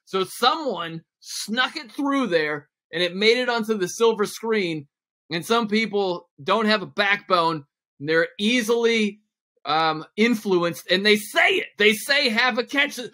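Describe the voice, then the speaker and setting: A man's voice: sits high, animated, measured pace, pushed and bright. A man talking sports on a radio show with wry, dry humor in casual banter. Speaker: radio co-host guest. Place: radio studio.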